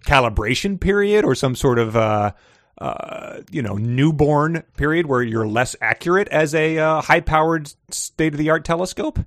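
A man co-hosting a relaxed book podcast, amused and quick to laugh. His voice sits at a middling pitch. It is recorded dry and close, with no room sound. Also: no echo. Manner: laughs often, amused, trails off in restarts. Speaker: podcast co-host. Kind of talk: casual book-discussion chat.

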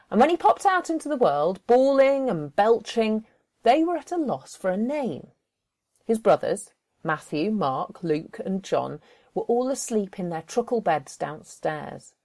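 A woman performing a folktale as a storyteller, in a vivid, expressive, deliberate way. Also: medium pitch.

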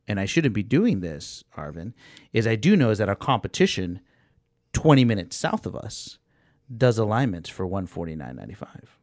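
Animated man telling a story. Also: lowish voice, no echo, studio quality. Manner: animated, acts out voices in the story. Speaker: podcast co-host. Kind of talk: casual storytelling.

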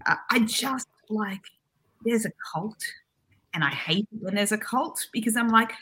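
A woman's voice: a little high, normal speed, sharp tone. A woman co-hosting a podcast in casual chat, opinionated and sarcastic, filling her talk with "like.". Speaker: podcast co-host.

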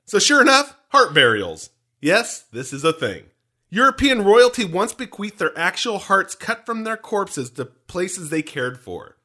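A high, bright-voiced man hosts a podcast and rambles his way through jokes. His pitch swings widely as he slips into quick voice bits. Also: very animated. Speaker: podcast host. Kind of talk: comedic podcast banter.

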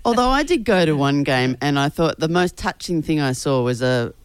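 Lively Australian male radio host. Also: fairly high pitch, normal speed, clear, resonant tone, no echo. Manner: playful, laughs often. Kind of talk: casual radio chat.

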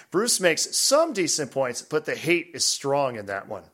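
A man's voice: mid-range voice, huge pitch swings, measured pace, fairly bright tone. A man co-hosting a podcast, reading listener emails aloud in casual chat and laughing often. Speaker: podcast co-host.

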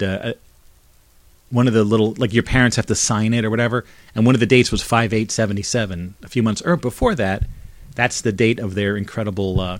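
Solo podcast host, a man in his fifties from New Jersey with a lowish voice, chatty and digressive, close on a condenser mic. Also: no room sound. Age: 50s. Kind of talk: rambling solo monologue. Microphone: condenser mic through a mixer.

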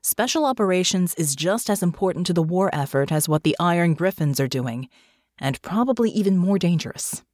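A woman reading a story aloud, voicing a brisk, matter-of-fact female army captain. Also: lowish voice, expressive, a little mellow, no echo, clean studio sound.

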